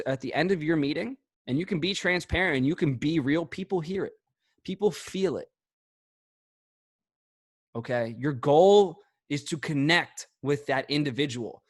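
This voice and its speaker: A man giving motivational sales coaching on a video call, emphatic and punchy, swinging between fast bursts and drawn-out words. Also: a little high, fairly bright tone, dry recording. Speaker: sales trainer.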